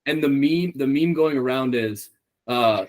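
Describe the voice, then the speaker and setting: A man's voice: mid-range voice, moderate pace, darkish tone. A young man co-hosting a podcast in casual chat, rambling with lots of ums and swearing freely. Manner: rambling, profane, many ums. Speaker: podcast co-host.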